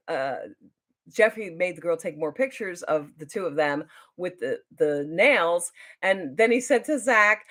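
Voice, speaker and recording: A woman, a beauty vlogger telling a story on a casual livestream at home. She rambles, loses her train of thought, and jumps into high, excited voices when she quotes people. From New Jersey.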